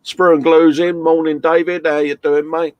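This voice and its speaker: A man's voice: on the high side, level tone, moderate pace, clear, resonant tone, no echo, muffled recording. A man hosting a casual live stream, reading out chat messages and greeting viewers with a laugh. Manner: chatty, reads chat messages aloud, laughs often.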